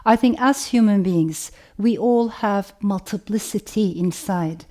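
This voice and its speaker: A woman author with a Turkish accent, speaking in a thoughtful, measured way and often saying "you know". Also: mid-range voice, mellow. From Turkey. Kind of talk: reflective talk to camera.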